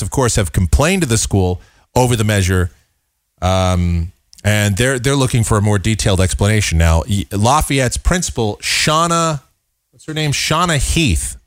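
A man's voice: mid-range voice, no echo, studio quality. A man in his forties hosting a talk show, giving an exasperated, sarcastic opinion commentary with a rambling delivery.

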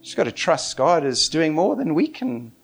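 A man's voice: on the high side, normal speed, gravelly, slightly rough, soft background music. A male pastor preaching a sermon, telling stories with lots of laughter and acted-out quotes. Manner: animated storytelling, laughs often, acts out quotes.

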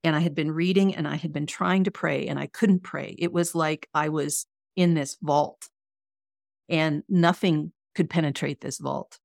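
Middle-aged woman telling her faith story, earnest and emotional, kinda gravelly voice. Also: sits low, steady tone, unhurried, darkish tone, no echo, clean studio sound. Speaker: guest, author and coach. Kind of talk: personal faith testimony.

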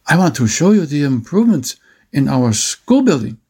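A man's voice: a little high, big pitch swings, normal speed, dark tone, slightly rough, exaggerated voice. A man voicing a friendly, earnest village boy with careful, formal phrasing in a storybook reading.

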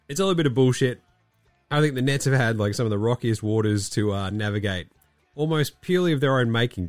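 A man's voice: medium pitch, dry recording. A man hosting a casual sports podcast, ranting and swearing a lot while sick and coughing. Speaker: podcast host.

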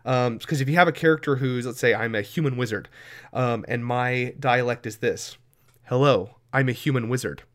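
Male game master, podcast co-host, casual and animated. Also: mid-range voice, moderate pace. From United States.

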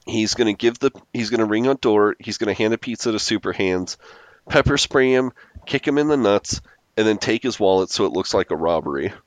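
Man, podcast co-host, low voice, dry close sound, laughing recap of a show. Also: a little fast, no room sound, low-quality recording. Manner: laughs often, animated when retelling scenes. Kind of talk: casual chat recapping a TV episode.

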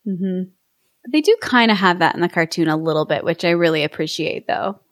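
A woman's voice: lowish voice, fairly quick, no echo, clean studio sound. A woman hosting a show, reading a fairy tale aloud and chatting casually about it, laughing often. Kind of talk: storytelling with casual commentary.

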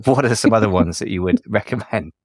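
A man hosting a podcast, asking questions and musing in a quick, reflective way with light chuckles. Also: fairly low pitch, a little mellow, dry recording, clean studio sound. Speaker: podcast host. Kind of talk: casual podcast conversation.

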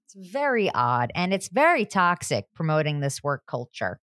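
A woman co-hosting a podcast with playful, quick asides and frequent laughter. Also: sits low, very animated, a bit bright, dry recording, studio quality. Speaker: podcast co-host. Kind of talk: casual chat.

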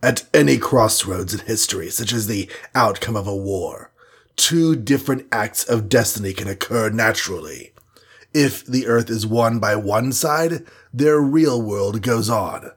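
A man's voice: lowish voice, measured pace, husky. A man reading a storybook and voicing a scheming alien villain from the future, condescending and bland, sprinkling in foreign words. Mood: lecturing. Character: sneering scheming male alien time-traveler villain.

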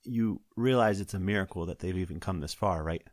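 A man reading the lines of a weary, grumpy middle-aged sheriff in a dry, gruff way. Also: low-pitched, brisk, no echo, lightly acted.

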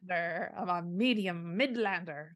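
A woman's voice: on the low side, moderate pace, fairly bright tone. A woman co-hosting a podcast in casual chat, playful and teasing. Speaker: podcast co-host.

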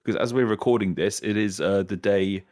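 A man with an English accent, co-hosting a history podcast in a chatty, animated way, laughing often. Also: fairly low pitch, fairly quick. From England. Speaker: podcast co-host. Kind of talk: casual podcast chat. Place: London.

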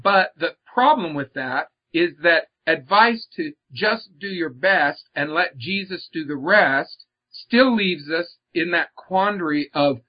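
In this reflective religious discussion, a male author and guest speaks earnestly about faith, stressing and often repeating his words. His voice is a little high and animated, slow in pace with hardly any pauses, heard through slightly muffled, lo-fi audio.

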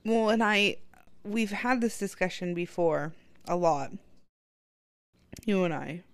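A woman, a parent, lays out her view plainly and frankly in casual conversation. Her voice is on the low side, recorded close and dry. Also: expressive, slow pace, smooth, dry recording. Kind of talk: casual chat.

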